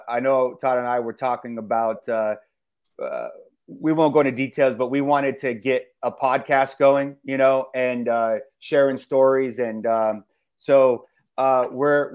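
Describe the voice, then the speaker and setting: A man speaking as a podcast guest in casual chat, halting and hesitant. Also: medium pitch. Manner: halting, full of fillers and restarts.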